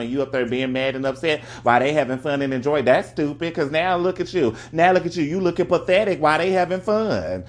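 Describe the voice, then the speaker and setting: A man delivering a sassy, emphatic ranting monologue. He keeps repeating his points and laughs between them. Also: mid-range voice.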